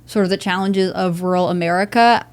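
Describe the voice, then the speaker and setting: A woman on a casual panel podcast, giving measured, articulate opinions. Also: on the low side, fairly even intonation, clear, resonant tone.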